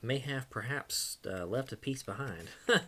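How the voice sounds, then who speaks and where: A man's voice: mid-range voice, lively intonation, a little slow, fairly bright tone. A man casually chatting on a home livestream, playful and self-teasing, cooing at his dog. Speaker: livestream host.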